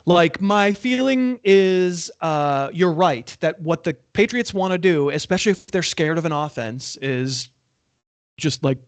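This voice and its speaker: Male co-host, slightly high voice, dry close sound, sarcastic sports banter. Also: animated, measured pace, no echo. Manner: wry, sarcastic jabs. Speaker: NFL betting podcast co-host. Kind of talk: casual sports betting chat.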